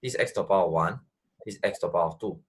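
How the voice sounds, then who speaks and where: Man, math tutor, lowish voice, patient, repeats phrases, checks understanding. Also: very fast. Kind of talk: online tutoring lesson.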